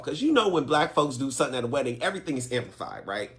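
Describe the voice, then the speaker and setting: A storyteller telling a casual storytime with drama, mimicking people in high voices. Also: sing-song, racing, hardly any pauses, fairly bright tone.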